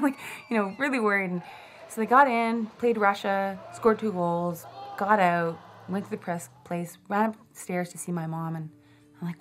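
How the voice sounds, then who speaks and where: A woman's voice: mid-range voice, moderate pace, a little hiss or hum. A woman in a documentary interview, telling a personal story reflectively with casual fillers.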